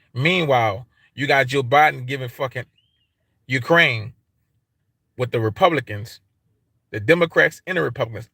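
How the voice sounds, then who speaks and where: Bright-voiced man ranting on a livestream. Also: medium pitch, vocal fry, no room sound. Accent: African American English. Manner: repetitive, emphatic, heavy swearing, street slang. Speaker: YouTube livestream host. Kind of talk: profane casual livestream rant.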